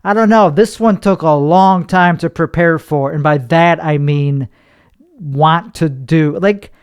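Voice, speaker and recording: A man's voice: fairly high pitch, slow pace, clean tone, no room sound. A man hosting his own podcast from his bedroom, with a nasal voice, rambling through a crude, self-deprecating comedy monologue. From United States. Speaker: podcast host.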